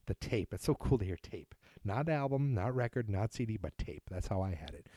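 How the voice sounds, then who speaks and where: A man's voice: lowish voice, expressive, moderate pace, hardly any pauses, warm tone, dry recording, clean studio sound. A man from New England hosting a casual solo podcast, reading listener emails aloud and rambling with self-deprecating asides. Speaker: podcast host.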